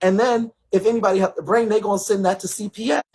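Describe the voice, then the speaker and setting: A man hosting a livestream with a fairly high voice, talking bluntly and with heavy emphasis. He is casual and profane, often turning to speak straight to his viewers, with faint noise behind him. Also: steady tone, fast talker. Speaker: livestream host.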